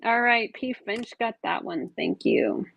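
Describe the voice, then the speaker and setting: A woman's voice: a little high, very animated, unhurried, vocal fry, fairly bright tone, slightly rough, poor audio. A woman chatting casually as she sells jewelry at a live online auction, describing each piece as she handles it. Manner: chatty, describes items while handling them. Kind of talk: casual live-stream selling chat.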